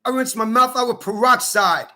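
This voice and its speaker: Bright-voiced man ranting bitterly. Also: very high voice, moderate pace. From Minnesota. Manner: bitter, accusing, repetitive, profane. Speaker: vlogger. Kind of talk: angry personal rant to camera.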